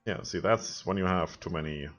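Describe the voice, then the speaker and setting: A man with a lowish voice talks through a strategy game in a relaxed, chatty way, laying out his plans as he goes. Soft background music plays faintly under him. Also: normal speed. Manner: relaxed, planning aloud. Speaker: let's play co-host. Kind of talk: casual gameplay commentary.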